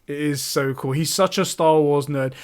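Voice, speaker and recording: A man's voice: on the high side, moderate pace. A man co-hosting a casual gaming podcast, telling stories animatedly, swearing and laughing often. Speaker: podcast co-host.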